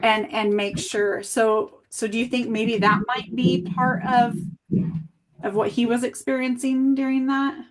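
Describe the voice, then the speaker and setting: A woman working as an early childhood coach, reflecting back and asking gentle guiding questions in a coaching conversation. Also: fairly high pitch, flat delivery, measured pace, crowd noise.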